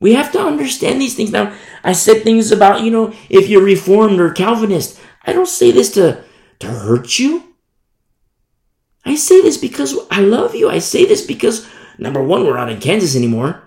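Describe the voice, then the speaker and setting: Gravelly, animated man preaching in an echoey room. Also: high-pitched, normal speed. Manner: animated storytelling, acts out shouted warnings. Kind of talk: sermon.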